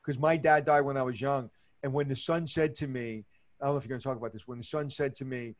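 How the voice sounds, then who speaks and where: A man co-hosting a casual chat, excitable and emotional, often stammering and restarting his sentences. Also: medium pitch, fast talker. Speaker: podcast co-host, hotel expert.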